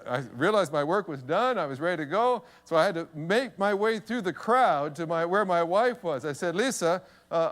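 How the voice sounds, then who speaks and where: High-voiced pastor telling a story. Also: male voice, a bit bright. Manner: humorous, self-deprecating storytelling. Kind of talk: sermon storytelling.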